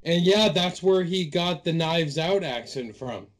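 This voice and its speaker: A young man from Massachusetts co-hosting a film podcast in casual chat, easygoing and quick to laugh. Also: fairly high pitch, expressive. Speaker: podcast co-host.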